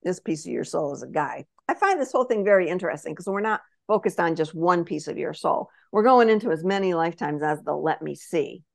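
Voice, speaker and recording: A lowish-voiced woman, a spirit messenger guesting on a podcast, delivers a spiritual reading as an animated story, acting out little quoted voices and often checking that her listener follows. She talks a little fast with a creaky voice and few pauses. The recording is close and dry, with no room sound.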